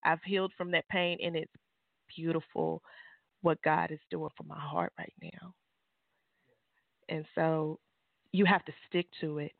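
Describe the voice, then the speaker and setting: A woman, an author and guest, giving fervent, preachy testimony on a call-in show, leaping into high exclamations. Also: flat delivery, a little slow, creaky, long pauses, no room sound. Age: adult mother. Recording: tinny phone line.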